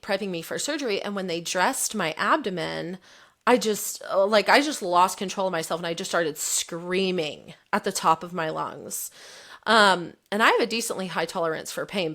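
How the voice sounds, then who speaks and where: A woman in her thirties, a podcast guest, candidly telling a personal story and acting out the quoted lines. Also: lowish voice. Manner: candid, animated retelling, voicing the quotes.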